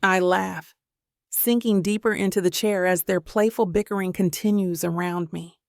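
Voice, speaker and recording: A woman's voice: fairly low pitch, fairly even intonation, moderate pace, gravelly, no room sound. A woman narrating a first-person romance audiobook in a tender, reflective manner, recorded on a close mic.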